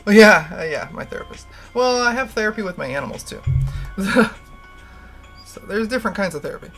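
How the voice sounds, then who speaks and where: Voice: medium pitch, lively intonation, fairly quick, gravelly, a bit bright, soft background music. A livestream host chatting casually, rambling and candid, laughing often and swearing freely. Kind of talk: casual stream chat.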